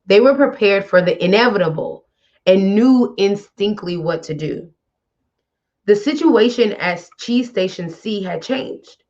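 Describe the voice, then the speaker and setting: A woman with a medium-pitched, animated, slightly mellow voice speaks a little slowly over dull audio. Hosting a wellness show, she gives casual motivational talk, blunt and chatty, addressing the listener directly.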